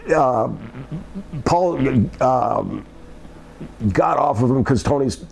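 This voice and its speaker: An older man telling a long anecdote as an interview guest, halting with many ums and restarts, his voice climbing when the story gets exciting. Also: mid-range voice, creaky, a little hiss or hum. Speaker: guest telling old wrestling stories.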